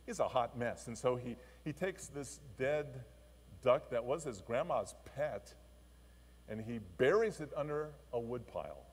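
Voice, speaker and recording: A male pastor giving a sermon, telling a story in an expressive, animated way. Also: mid-range voice, slightly rough. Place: church. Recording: long church reverb.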